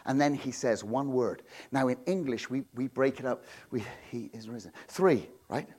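A man preaching a sermon, swinging between loud proclamations and quiet asides, often repeating and restarting words. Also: medium pitch, moderate pace. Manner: self-interrupting, repeats words. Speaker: pastor.

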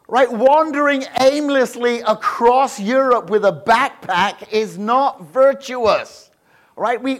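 A male preacher giving an animated, jokey sermon, often laughing and checking in with the crowd with quick rhetorical questions. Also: very high voice. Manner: animated, asks the crowd frequent "right?" questions.

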